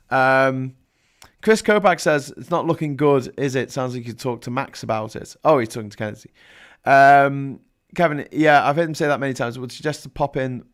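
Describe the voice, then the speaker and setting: A man with a Scouse accent hosting a live call-in stream, chatting and reading news headlines with sarcastic asides. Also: mid-range voice. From Liverpool, England. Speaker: live-stream chat show host. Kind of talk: casual chat reading headlines.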